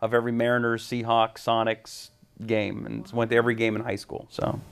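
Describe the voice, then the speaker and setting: Male talk-radio host, quick rapid delivery, mid pitch, anecdotal. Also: creaky, clean tone. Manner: rapid, animated anecdotes with quoted voices. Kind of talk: casual interview storytelling.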